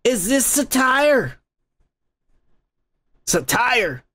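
A man's voice: very high voice, sing-song, drawn-out words, bright, forceful tone. A man hosting a podcast, reading viewer comments aloud in a crude, rambling, mocking way and laughing often.

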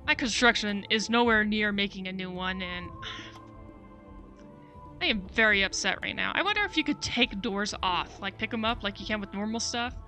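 A woman's voice: mid-range voice, normal speed, bright, forceful tone, soft background music. A young woman giving let's-play commentary, frustrated, cursing and talking to the game as she plays. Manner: frustrated, swears often, talks to the game. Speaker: gaming video creator.

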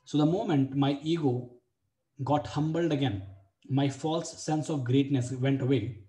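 Young male coach, mellow voice, blunt and profane, repeats himself, roomy echo. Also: mid-range voice, steady tone, unhurried. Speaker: dating coach. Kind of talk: personal story for a webinar. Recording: echoey room.

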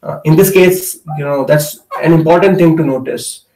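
Man, Hindi teacher, slightly high voice, echoey room, sits away from the mic, chatty explanations full of fillers. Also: normal speed, a little mellow, far from the mic. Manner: explains with many fillers and okay checks. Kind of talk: live online language class.

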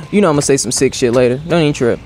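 A man's voice: mid-range voice, racing, noisy background. A young man doing let's play commentary as a gaming streamer, joking in profane banter with his viewers.

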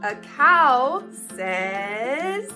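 A young woman hosting a children's learning video, talking in a slow, exaggerated, encouraging sing-song for toddlers. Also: sits high, sing-song, music in the background. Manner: exaggerated, encouraging, drawn-out words. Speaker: children's educational video host.

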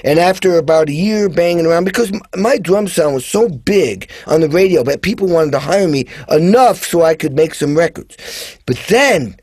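A man's voice: on the high side, expressive, normal speed, darkish tone, slightly rough, no echo. A man as a guest drummer, telling stories in casual chat and animatedly acting out the voices of people he quotes. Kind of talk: casual storytelling.

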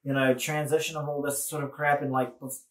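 A man's voice: fairly high pitch, little pitch movement, brisk. A man with a New Zealand accent co-hosting a rugby podcast in blokey, joking banter. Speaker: podcast co-host. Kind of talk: casual chat. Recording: echoey room.

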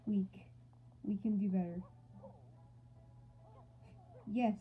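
A woman's voice: mid-range voice, fairly even intonation, a little slow, a little hiss or hum. A woman doing playful, goofy gameplay commentary with mock outrage and silly asides. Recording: thin phone-like audio.

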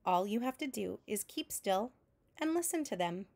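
A woman teacher reading a picture book aloud to children in a slow, clear storytelling manner, making sound effects with her voice between lines. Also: mid-range voice, animated, darkish tone. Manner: adds vocal sound effects between narration.

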